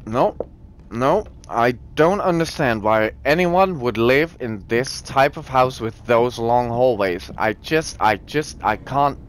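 A man's voice: mid-range voice, animated, slow pace, a little hiss or hum. A young man commentating while playing a horror game, nervous and talking to himself, with sudden yelps and swearing. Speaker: gaming streamer.

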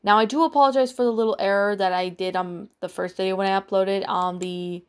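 Woman narrator with a halting, rambling read. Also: medium pitch, fairly even intonation, smooth. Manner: rambling, repetitive, halting reading with restarts. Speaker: creepypasta narrator and reviewer. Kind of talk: story reading, then casual review. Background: soft background music.

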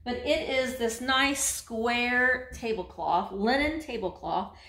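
A woman's voice: a little high, takes it slowly, bright, forceful tone. A woman reselling vintage, showing off her finds in a chatty, gushing haul video. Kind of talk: casual show-and-tell haul video.

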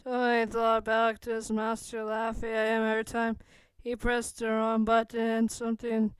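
Woman storyteller, very clear and dry, higher voice, reads haltingly. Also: monotone, no room sound. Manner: halting, with restarts and self-corrections. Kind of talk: reading a fan story aloud.

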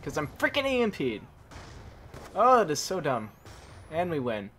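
Excitable man in minced-swearing gameplay rant. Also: a little high, moderate pace, slight background noise. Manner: frustrated outbursts with minced swearing. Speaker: gaming YouTuber. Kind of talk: gameplay commentary.

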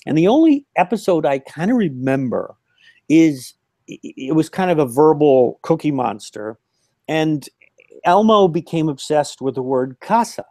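A man's voice: on the high side, measured pace, no room sound. An older man, a puppeteer guest, telling anecdotes in a casual interview over a remote call. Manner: animated anecdotal storytelling with laughs. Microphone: remote call line.

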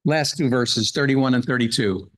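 A man's voice: medium pitch, moderate pace, low-quality recording. A man giving a Bible-hour sermon, earnestly reading scripture and explaining it verse by verse. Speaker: guest speaker at a Bible hour.

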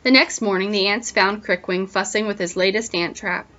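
A woman teacher reading a picture book aloud, pausing to wonder aloud to her listeners, on a dull lo-fi recording. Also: mid-range voice, steady tone, bright, forceful tone.

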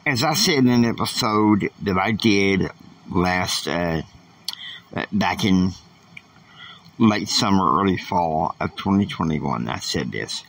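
A man's voice: deep voice, lively intonation, takes it slowly, vocal fry, a bit bright, no room sound, recorded from a distance, poor audio. A man hosting a podcast, giving an earnest, emphatic faith-based motivational talk. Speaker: podcast host.

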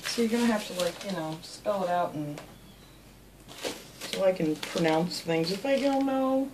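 A woman hosting a craft channel, chatting casually and warmly thanking viewers by name as she opens mail at home. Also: fairly low pitch, expressive, a little slow, noisy background. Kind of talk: casual chat, opening mail.

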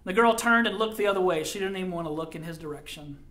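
High-voiced man telling a sermon story. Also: fast. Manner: dramatic storyteller, drops quiet for quoted lines. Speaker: pastor.

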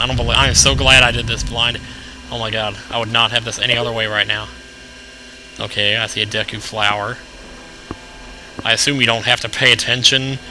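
A young man casually commentating a video game, excitable and jokey, thinking aloud as he plays. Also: mid-range voice, rough recording. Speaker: let's play commentator. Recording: game music playing behind voice.

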